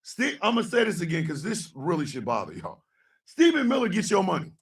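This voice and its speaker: A man hosting a radio show, ranting angrily and sarcastically about politics, swearing and often shouting. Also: high voice, huge pitch swings, a little fast, recorded from a distance. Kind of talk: angry political rant.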